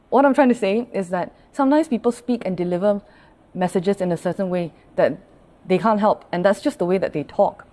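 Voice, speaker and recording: A woman's voice: mid-range voice, a little mellow. A woman pastor answering viewers' questions in a livestreamed Buddhist talk, speaking conversationally, often asking "all right?" and drawing on everyday examples. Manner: greets online viewers by name mid-talk; explains through everyday personal examples.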